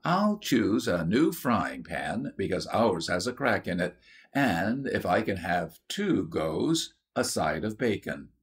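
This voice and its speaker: A man's voice: deep voice, big pitch swings, slow pace, full character voice. A man voicing an eager, chatty youngest little girl.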